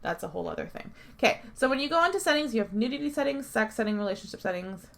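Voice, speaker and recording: A woman's voice: a little high, lively intonation, very fast, creaky, a bit bright. A tired woman talking through a gaming tutorial in a chatty, rambling way, swearing and laughing freely as she goes. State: tired, yawning. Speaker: game mod tutorial creator. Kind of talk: casual screen-recorded gaming tutorial.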